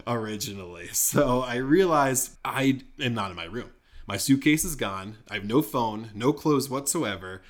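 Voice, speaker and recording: Young man, mid-pitched voice, casual podcast chat, animated storytelling. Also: moderate pace. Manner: animated storyteller, laughs often, acts out quoted dialogue. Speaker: podcast co-host.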